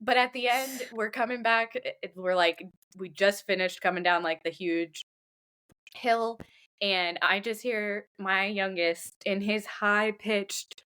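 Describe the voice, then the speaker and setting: Woman podcast co-host, casual chat, animated storyteller, mid pitch. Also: a little slow, clean tone. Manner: animated storytelling, mimics voices of others.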